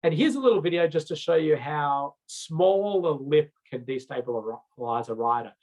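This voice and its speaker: A man's voice: mid-range voice, low-quality recording. A man with an Australian accent giving a recorded road safety training lecture in a casual, chatty way, with many fillers and restarts.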